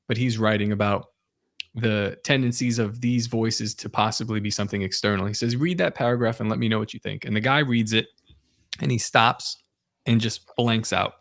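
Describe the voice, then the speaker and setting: A man hosting a podcast, relaxed, telling a story with lots of fillers. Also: lowish voice. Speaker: podcast host.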